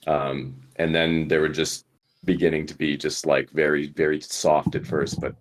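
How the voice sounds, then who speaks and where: A man's voice: very deep voice, level tone, moderate pace. A man playing a tabletop role-playing game, talking casually and hesitantly with many fillers. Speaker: player.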